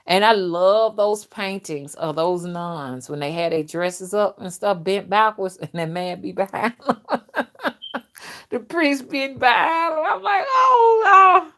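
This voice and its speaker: An older woman hosting a casual live stream, talking bluntly and loudly to her viewers and laughing often as she reads their comments. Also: mid-range voice, measured pace. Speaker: spiritual reader and live-stream host.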